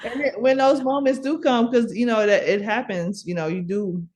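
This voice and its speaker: A middle-aged woman from Milwaukee shares her story as a guest on a podcast, speaking at normal speed in a slightly high voice. She's animated and loose, laughing often and filling her talk with fillers and restarts.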